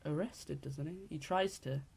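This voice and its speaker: A man appearing as a guest on a podcast, chatting casually and answering quiz questions quickly but tentatively. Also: a little high, vocal fry, darkish tone.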